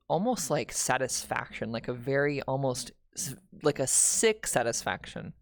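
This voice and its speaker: A woman's voice: rumbling low, no echo, clean studio sound. A young woman streamer telling a painful family story in casual, candid talk, swearing and restarting often.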